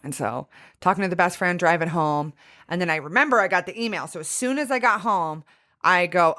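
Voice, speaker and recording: A young woman co-hosting a podcast tells a story in casual conversation, in a fairly low, slightly bright voice at a brisk pace. She swears freely and acts out what people said.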